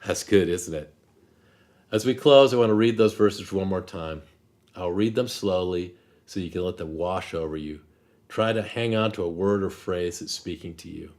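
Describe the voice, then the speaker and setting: A male pastor giving a short devotional message in a calm, measured way, softening when he reads scripture. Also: low voice.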